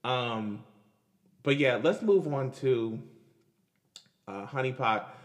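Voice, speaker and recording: A man hosts his own podcast in a casual solo monologue, speaking slowly in a medium-pitched voice with lively intonation. He's emphatic, repeats himself a lot, and stammers into restarts, while a long reverb tail follows his words.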